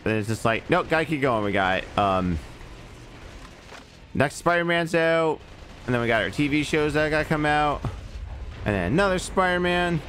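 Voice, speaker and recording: A man's voice: animated, moderate pace, pauses often, a bit bright, a little hiss or hum. A man streaming a video game in casual chat, rambling off into profane asides about movies. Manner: rambling, profane movie digressions with swooping pitch. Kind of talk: casual let's-play chat.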